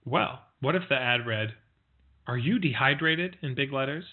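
A man's voice: mid-range voice, expressive, normal speed. A man giving a spoken marketing lesson in a conversational way, full of fillers and restarts, telling stories to make his points. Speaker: marketing coach. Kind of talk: spoken teaching talk with stories. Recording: tinny phone-like audio.

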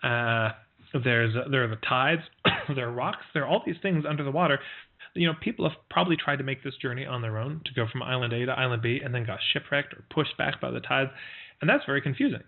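A man's voice: mid-range voice, quick pace, creaky. A man giving a spoken marketing lesson in a conversational way, full of fillers and restarts, telling stories to make his points. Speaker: marketing coach. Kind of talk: spoken teaching talk with stories. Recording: tinny phone-like audio.

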